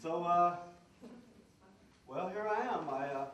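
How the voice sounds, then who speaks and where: A man playing a hesitant customer in a live comedy sketch, halting and full of uhs. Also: high-pitched, expressive, fairly bright tone, dull audio, a little hiss or hum. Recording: roomy stage sound from far off.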